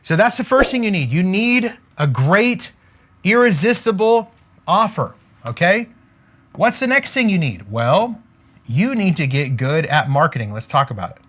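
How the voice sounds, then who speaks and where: His voice is high and swings widely in pitch, delivered at a moderate pace with a fairly bright quality. The man coaches business in a motivational style, stressing his points, recycling catchphrases, and frequently asking "okay?" as he works at a board.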